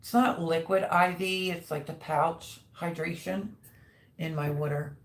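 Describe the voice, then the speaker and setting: A woman's voice: fairly low pitch, steady tone, a little slow, creaky. A middle-aged woman chatting casually on her live stream, rambling about the dogs around her and cooing baby talk at them.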